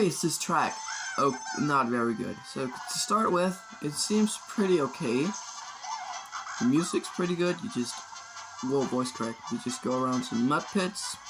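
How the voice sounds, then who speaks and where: A man's voice: medium pitch, big pitch swings, slow, rough recording. A man giving casual, rambling commentary over gameplay, often unsure and sometimes mock-outraged. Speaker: gaming video creator. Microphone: phone. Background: video game music.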